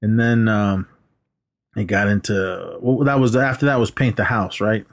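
A man co-hosting a podcast, chatting casually about a movie and excitedly acting out its scenes with laughs. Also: lowish voice, moderate pace. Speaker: podcast co-host.

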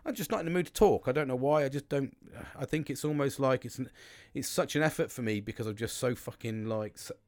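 A man's voice: mid-range voice, fast talker, darkish tone, dry recording. A British man hosting a podcast, rambling casually about his weekend with lots of swearing, restarts and fillers. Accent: British English. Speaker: podcast host.

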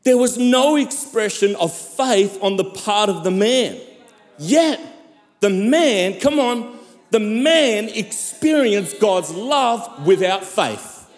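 A man's voice: high voice, animated, slow, faint music behind. A man in his fifties preaching a sermon, calling out to his congregation as he speaks. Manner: preaching cadence with calls to the congregation. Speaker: pastor. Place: large church hall. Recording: reverberant hall.

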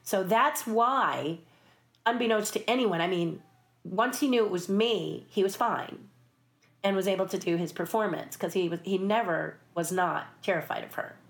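A woman's voice: mid-range voice, moderate pace. A woman who works as a puppeteer and stunt performer, telling behind-the-scenes stories in a casual interview and acting out the voices. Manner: lively, acts out voices in her stories, laughs often. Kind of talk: casual anecdotal storytelling.

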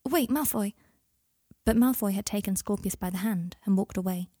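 A woman reading a story aloud in a calm, even storytelling manner. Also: medium pitch, a little fast, dry recording, clean studio sound. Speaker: audiobook reader. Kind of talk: scripted narration.

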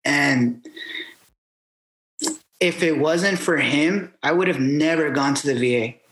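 A man in his thirties recalls his military years and what came after. His voice sits fairly high, and it carries a roomy echo. He stumbles and repeats words, and he acts out the people he quotes. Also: slow, a bit bright, slight background noise. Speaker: military veteran guest. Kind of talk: candid personal storytelling.

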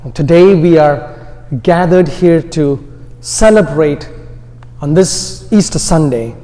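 A man with an Indian American accent delivers an Easter sermon at a very unhurried pace, dropping softly at the end of each phrase. His voice sits a little high for a man, and it rings with the long reverb of a large church hall. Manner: slow, deliberate delivery with phrases trailing off softly. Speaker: preacher.

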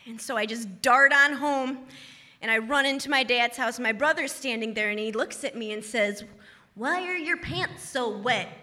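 A woman telling a funny personal story on stage in an animated, self-mocking way. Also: fairly high pitch, moderate pace. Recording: reverberant hall.

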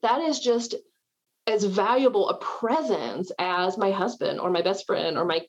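A woman's voice: mid-range voice, unhurried, lo-fi sound, slight background noise. A middle-aged woman from the South, talking in a chatty, self-deprecating way at home. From American South. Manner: chatty, animated, self-deprecating with frequent laughs. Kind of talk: casual conversation.

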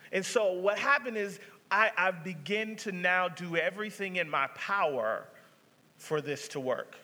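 Man, pastor, conversational sermon, bright voice, echoing church hall. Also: sits high, measured pace. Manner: conversational preaching, many restarts. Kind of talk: sermon storytelling. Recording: reverberant sanctuary sound.

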